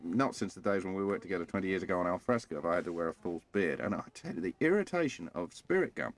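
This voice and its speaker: Lively fast-talking man. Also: sits low. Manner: animated, chatty, quick asides. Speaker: film director. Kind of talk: DVD commentary chat.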